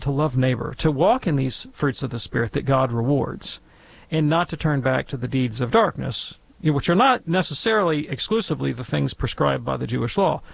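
Male radio theology expert, gravelly and slightly high-pitched, dry close mic, emphatic and repetitive as he explains. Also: no room sound. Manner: emphatic, repeats phrases for stress. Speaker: theology expert answering listeners.

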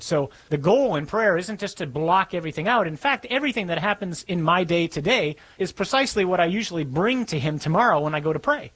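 A man giving a sermon in a conversational, storytelling way, slowing down for dramatic moments. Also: a little high, fairly bright tone, rough recording. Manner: conversational preaching, storytelling with slow dramatic pauses.

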